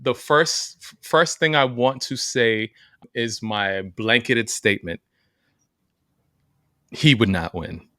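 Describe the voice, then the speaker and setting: A man co-hosting a casual podcast chat, animated and emphatic, laughing often. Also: medium pitch, slow, long pauses, no echo, clean studio sound. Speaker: podcast co-host.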